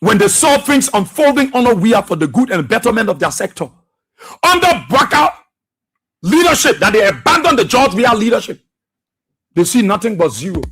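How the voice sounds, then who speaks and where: A man's voice: high voice, very animated, moderate pace, a bit bright, breathy edge. A man giving impassioned political commentary as a radio talk show host, repeating phrases for emphasis.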